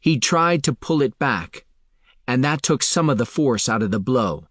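A man narrating a fantasy novel in a steady, even storytelling voice. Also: medium pitch, measured pace. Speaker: audiobook narrator. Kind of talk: scripted narration.

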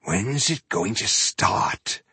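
An impatient dwarf warrior, as a man acts him out, grumbles and growls in a low, husky voice. The sound is close and dry, with little room around it. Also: animated, very slow, sharp tone, no echo, heavily acted.

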